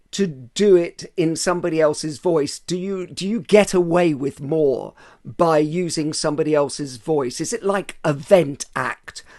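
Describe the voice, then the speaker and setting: A man's voice: on the high side, a little mellow. A male podcast host interviewing a guest, curious and asking probing questions.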